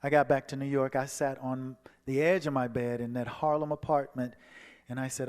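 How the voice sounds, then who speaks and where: A man giving a personal testimony as a guest speaker, telling his story and acting out the dialogue, moving from hushed passages to soaring ones. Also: mid-range voice, moderate pace. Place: church sanctuary. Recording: long hall reverb.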